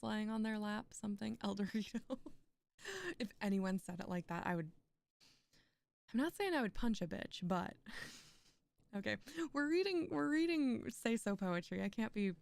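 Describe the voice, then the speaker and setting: A woman's voice: mid-range voice, moderate pace, gravelly, smooth. A young woman streaming a poetry reading, reciting poems aloud and breaking off into chatty asides with frequent laughs.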